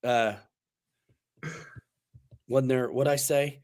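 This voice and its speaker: A man's voice: mid-range voice, fairly even intonation, drawn-out words, darkish tone. A man hosting a casual livestream chat, talking in a laid-back, slangy, rambling way with restarts. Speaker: host.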